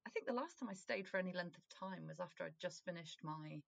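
A woman in her twenties from Wales talks in a relaxed, chatty way, laughing often and swearing now and then. Her voice sits a bit low and sounds close and dry, with no room around it. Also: fast talker, vocal fry, no echo. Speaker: podcast co-host. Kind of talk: casual podcast chat.

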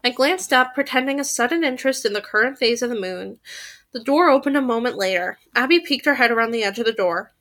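High bright woman reading a novel aloud. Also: fast. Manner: expressive, with small stumbles and restarts. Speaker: reader.

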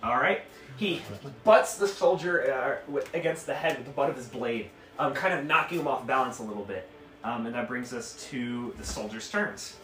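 A man's voice: mid-range voice, lively intonation, moderate pace, pushed and bright. A man narrating as dungeon master in a tabletop game, laid-back and full of ums and laughs. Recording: echoey room, mic at a distance, faint music.

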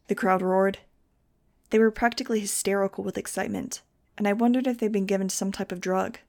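A woman's voice: medium pitch, fairly even intonation, brisk, darkish tone. A woman narrating a novel in a wry first-person style for a fan audiobook. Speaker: audiobook reader.

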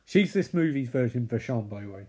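A man's voice: medium pitch, lively intonation, a little fast, dark tone, breathy edge. A man sarcastically recapping and mocking a horror movie.

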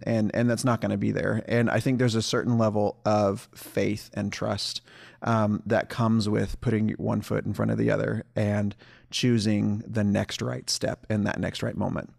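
A man's voice: on the low side, moderate pace, gravelly, darkish tone. A man in his thirties co-hosting a podcast in casual chat, rambling with many ums and restarts. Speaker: podcast co-host.

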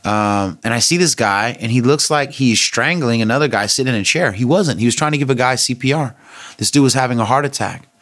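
A man's voice: medium pitch, fairly quick, fairly bright tone, dry recording. A middle-aged man vlogging, telling a personal story in a candid, conversational and thoughtful way.

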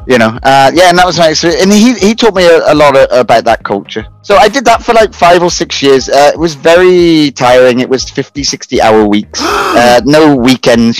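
A man's voice: medium pitch, no echo, poor audio. Guy, 30s, chatty guest; loose, filler-heavy telling of his own story. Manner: rambling, lots of fillers and restarts, laughs at himself. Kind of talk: casual spoken account.

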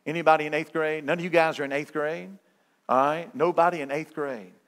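Guy preaching, folksy, teases the crowd, kinda high voice. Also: steady tone, fairly quick. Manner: folksy, joking with the audience, calls on listeners. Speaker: evangelist guest speaker. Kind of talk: sermon.

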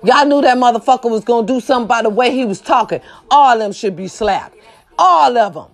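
A woman ranting to camera, blunt and profane, firing rhetorical questions and swinging between shouting and low muttered asides. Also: expressive, brisk. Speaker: social media commentator. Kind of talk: impassioned rant to camera.

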